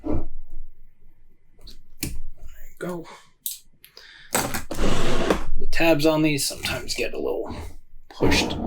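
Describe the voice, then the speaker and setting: A man's voice: a little high, fairly even intonation, extremely slow, gravelly, long pauses, noisy background. A man hosting a casual solo whisky review, rambling and hesitant with plenty of fillers and self-deprecating asides.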